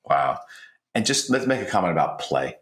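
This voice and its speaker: Speaking at an ordinary pace in a low voice, a sixty-something man co-hosting a podcast tells family stories with earnest feeling, his voice lifting as he gets excited. The conversational talk has roomy echo and slight background noise.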